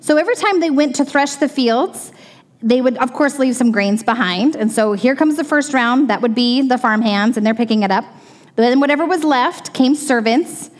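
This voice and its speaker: A middle-aged woman teaching a Bible story to children in a lively way, stopping to ask the kids questions. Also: sits high, normal speed. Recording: long reverb of a large room.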